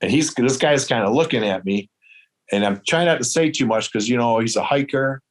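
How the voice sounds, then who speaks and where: A man from Michigan, telling a hunting story in casual chat, acting out the dialogue with lively quotes. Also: mid-range voice, fairly quick. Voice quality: hard of hearing in one ear. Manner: animated, quotes dialogue in raised voice. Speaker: guest storyteller.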